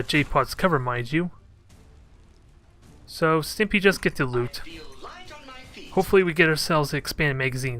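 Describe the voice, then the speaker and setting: Man, somewhat high voice, bright and forceful tone, casual gameplay commentary, thinks aloud, jokes at his units. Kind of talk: casual let's play commentary.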